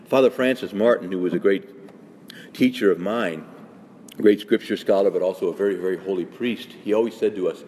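Earnest priest speaking in an echoey hall. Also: male voice, deep voice, fairly quick, a little mellow, slight background noise. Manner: earnest, emphatic, conversational with asides. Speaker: priest giving a conference to priests. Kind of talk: spoken retreat talk. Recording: echoey hall with faint ambience.

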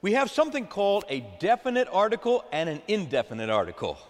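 A man preaches to his church with a high, animated voice that swings up and down, drawing the congregation into call-and-response. His voice carries a long reverb from the hall. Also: quick pace. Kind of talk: sermon.

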